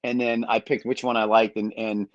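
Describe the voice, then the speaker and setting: Middle-aged guest, low voice, dry mic, animated storyteller who acts out quotes. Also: male voice, normal speed, no echo, muffled recording. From Michigan. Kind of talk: storytelling on a sports podcast.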